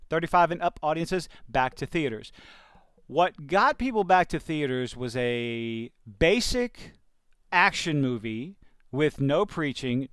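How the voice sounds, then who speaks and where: A man's voice: fairly high pitch, fairly bright tone, smooth, dry recording, studio quality. A man with a Cajun accent doing sarcastic, exasperated reaction commentary while reading an article aloud, sighing and swearing as he goes. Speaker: commentary host.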